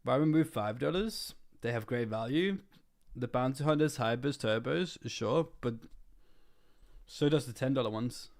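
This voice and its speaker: A young man who is not a native English speaker streams poker and chats easily with his viewers. He talks at an ordinary middle pitch in a relaxed, meandering way, with plenty of small restarts. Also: measured pace, gravelly. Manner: relaxed, rambling, chatting with viewers while playing. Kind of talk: casual live-stream commentary.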